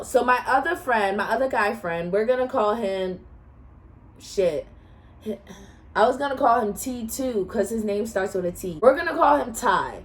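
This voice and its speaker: A woman's voice: fairly high pitch, measured pace. Frank, profane young woman telling a story. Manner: frank and profane, addresses viewers directly; animated, laughs while telling. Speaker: vlogger telling a personal story. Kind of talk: casual storytime monologue.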